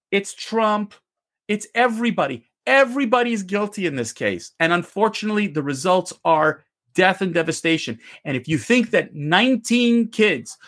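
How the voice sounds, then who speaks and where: A Canadian man co-hosting a heated debate, his voice pitched high. He rants with passion, swears often, and his voice swoops up and down as he argues. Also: a bit bright. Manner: impassioned, ranting, swears. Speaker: co-host.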